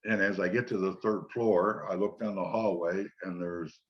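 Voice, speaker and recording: An older man, a former football player, relaxed as he tells long anecdotes in an interview and quotes the people in them. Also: deep voice, moderate pace. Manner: relaxed anecdotal storytelling, quoting others. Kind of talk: storytelling interview. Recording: dull lo-fi sound.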